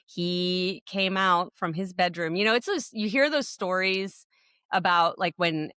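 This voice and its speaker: Mulher com voz grave, contando histórias. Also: female voice, on the low side, measured pace, clear, resonant tone, dry recording, studio quality. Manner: animated storyteller, acts out quotes. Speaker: podcast co-host. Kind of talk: casual chat.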